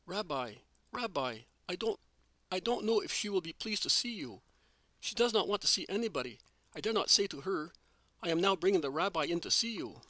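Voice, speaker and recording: An anxious male fisherman stammers and hesitates, as a male reader voices him. His voice is a little high, and the recording is dry and close with no echo. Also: sing-song, a little fast, pushed and bright, full character voice. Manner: nervous, stammering.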